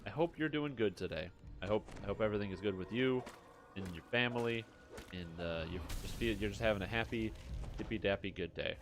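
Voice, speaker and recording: A male game streamer with a fairly low voice, rambling and joking as he talks his chat through the play. Faint music plays under his casual commentary. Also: a little fast.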